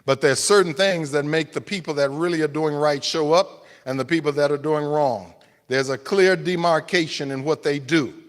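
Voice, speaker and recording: A man preaching a sermon, emphatic and rhetorical, swinging between loud appeals and hushed explanation. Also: a little high, normal speed, long reverb tail.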